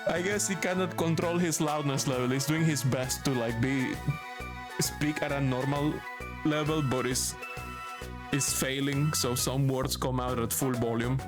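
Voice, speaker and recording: A man's voice: mid-range voice, steady tone, measured pace. A man streaming a video game, laughing, swearing and reacting in disbelief. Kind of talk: let's-play commentary. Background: background music.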